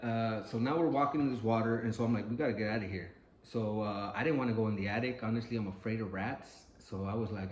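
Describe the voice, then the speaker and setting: A man casually telling a personal story, swearing freely and acting out the voices of the people in it. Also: on the low side. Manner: animated, profane, acts out quoted voices. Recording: echoey room with faint ambient noise.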